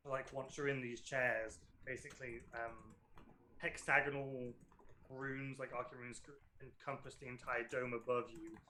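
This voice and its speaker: Bright-voiced man hesitantly narrating as game master. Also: mid-range voice, slight background noise, poor audio. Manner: hesitant, full of ums and self-corrections.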